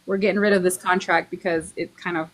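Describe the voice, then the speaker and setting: A forty-year-old woman from the Navajo Nation in Arizona, talking earnestly as a podcast guest, pausing and restarting as she speaks. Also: fairly low pitch, flat delivery, a loud crowd. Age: 40s. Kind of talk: casual chat.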